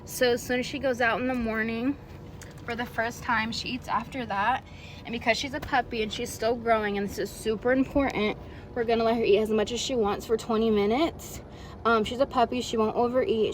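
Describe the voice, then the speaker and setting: A woman dog trainer talks new owners through a puppy's routine in a friendly, explanatory way. Her voice sits a little high, and she drops in the odd "um" as she goes. A faint background hum runs under her speech. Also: rough recording. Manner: switches to a high, sing-song praise voice with the puppy. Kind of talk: instructional video for a puppy's owners.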